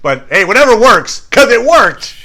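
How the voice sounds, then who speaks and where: A man's voice: high-pitched, sing-song, moderate pace, pushed and bright, a little hiss or hum. A man co-hosting a podcast, chatting casually and enthusiastically about a favorite film. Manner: enthusiastic, quotes movie lines in playful voices. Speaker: podcast co-host. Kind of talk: casual chat.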